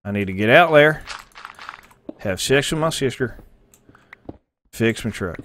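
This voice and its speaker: A man's voice: mid-range voice, animated, a little slow, fairly bright tone, a little hiss or hum. A man playing a brash drawling country guy. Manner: broad drawling country voice put on for jokes. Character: crude rural country man, brash and rambling.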